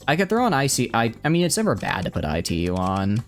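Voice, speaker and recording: A man streaming a game live, thinking aloud excitably and chatting with viewers, with hiccups. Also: mid-range voice, fast, soft background music. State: has hiccups. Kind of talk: live gameplay commentary.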